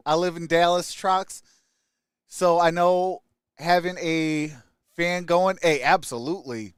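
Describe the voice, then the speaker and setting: A young adult man from Michigan hosting a casual sports live stream, greeting chat viewers by name with upbeat shout-outs. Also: on the high side, steady tone, slow, smooth, dry recording, studio quality.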